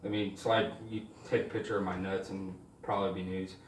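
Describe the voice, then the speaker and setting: A man telling stand-up stories in an animated, swearing style, acting out the people in them. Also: low voice, brisk, echoey room, far from the mic, slight background noise. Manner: animated, swears freely, acts out voices. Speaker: stand-up comedian. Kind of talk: stand-up storytelling.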